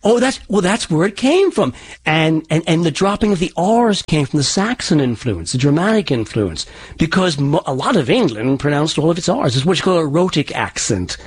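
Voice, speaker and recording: A man's voice: on the high side, big pitch swings, normal speed, husky. A man who works as a dialect coach, with a partly Irish-tinged accent, explaining in an interview with many restarts. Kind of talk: interview answers.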